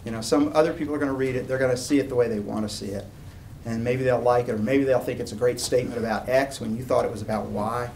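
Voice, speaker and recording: A man's voice: mid-range voice, fairly even intonation, fast talker, vocal fry, darkish tone. A man giving an informal university lecture, talking conversationally and drifting into personal anecdotes and asides. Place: lecture room. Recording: distant room recording with faint ambient noise.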